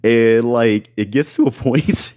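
A man's voice: medium pitch, slow pace, darkish tone. A man hosting a podcast, telling a story in casual, rambling talk full of fillers, often checking in with "right?" and "y'all". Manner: rambling, filler-heavy, keeps asking "right?"; addresses listeners as "y'all". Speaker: podcast host.

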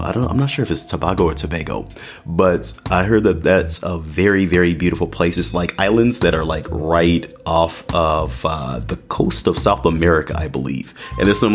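A young man hosting a podcast in a casual, jokey monologue, tagging his lines with "okay?". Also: deep voice. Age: young adult. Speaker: podcast host. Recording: music playing underneath.

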